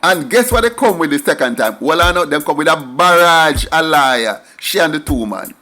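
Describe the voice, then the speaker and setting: A man's voice: a little high, expressive, moderate pace, sharp tone, soft background music. Sing-song Jamaican man telling a story. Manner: sing-song, emphatic patois asides. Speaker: commentator. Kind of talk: storytelling monologue.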